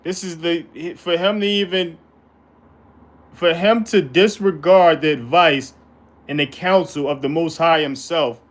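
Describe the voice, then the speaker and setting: A man's voice: on the high side, unhurried. A man teaching the Bible in an informal way, reading verses aloud and breaking in with colloquial, emphatic commentary.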